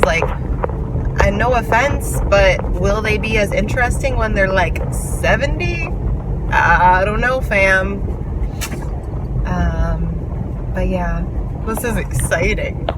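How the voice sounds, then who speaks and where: A young woman chatting casually and gushing about her books in a vlog, recorded in a car. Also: mid-range voice. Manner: chatty, gushing, self-mocking. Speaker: book vlogger. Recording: car noise behind. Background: car road noise.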